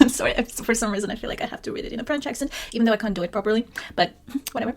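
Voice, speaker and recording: Woman, tech vlogger, casual review, chatty, self-deprecating, laughs often, slightly high voice. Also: racing.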